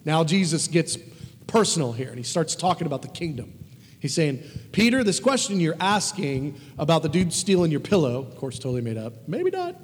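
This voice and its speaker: A man preaching a conversational sermon, emphatic and animated, with casual asides. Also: on the high side, fairly quick, breathy edge. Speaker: pastor. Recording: long reverb of a large hall.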